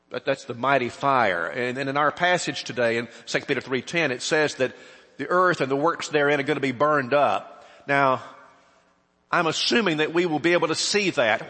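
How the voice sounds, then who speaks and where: A man preaching a sermon, emphatic, asking rhetorical questions and swinging between loud stresses and hushed asides. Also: fairly high pitch, slightly rough, long reverb tail.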